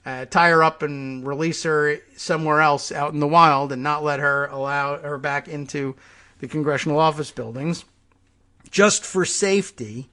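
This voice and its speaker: A man hosts a solo political commentary show, musing aloud with weary exasperation. His voice sits slightly high for a man, and he talks his way through each point. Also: steady tone, normal speed, pushed and bright. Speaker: host.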